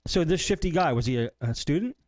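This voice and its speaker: A man's voice: fairly high pitch, expressive, fast talker, darkish tone, no room sound. A man co-hosting a casual tech podcast, laughing often and reacting with short interjections. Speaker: podcast co-host. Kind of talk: casual chat.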